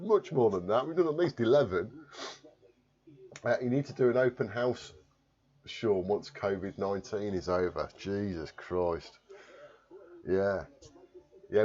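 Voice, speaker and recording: On a live stream, a man from Warwickshire, England, reads viewer comments and chats casually in his local accent, rambling, poking fun at himself, and swearing offhandedly. His voice is lowish and darkish, and the audio is dull.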